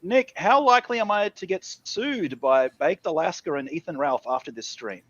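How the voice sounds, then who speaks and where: Animated, exasperated stream host. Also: male voice, a little high, normal speed, dry recording, muffled recording. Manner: exasperated, profane. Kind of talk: live stream talk show.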